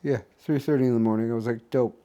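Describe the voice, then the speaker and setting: A man's voice: mid-range voice, fairly even intonation, rapid-fire, warm tone, muffled recording. A young man casually recapping his day for a vlog, rambling with many restarts and fillers. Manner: rambling, restarts often, filler-heavy storytelling. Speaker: vlogger.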